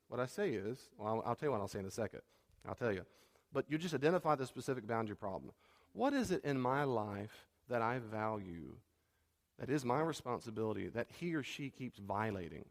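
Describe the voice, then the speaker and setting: A man's voice: mid-range voice, big-room sound. A middle-aged man preaching a sermon as a pastor, talking conversationally and repeating key phrases.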